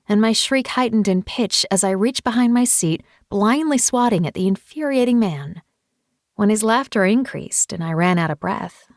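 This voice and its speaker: A woman narrating a first-person romance audiobook in an intimate, often soft and near-whispered manner, on a close mic. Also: medium pitch, vocal fry, no echo.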